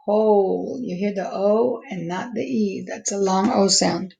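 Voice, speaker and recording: A woman teacher slowly walking young students through a phonics lesson, stretching out each word's sounds. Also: mid-range voice, creaky, mellow, highs cut off. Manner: slow, patient, stretching out each word sound.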